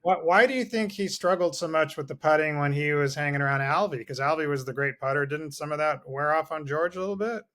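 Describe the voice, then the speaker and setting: A man's voice: fairly high pitch, fast talker, few pauses, a bit bright. A man hosting an interview, asking long, rambling questions in casual talk. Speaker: podcast host.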